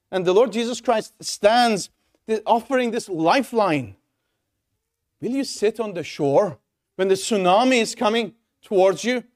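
A man's voice: sits high, darkish tone. A man preaching an evangelistic sermon in a church, urgent and pleading, with many rhetorical questions.

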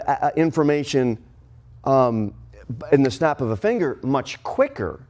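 A man preaching a sermon as pastor, with emphatic swings in pitch and pace. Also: a little mellow.

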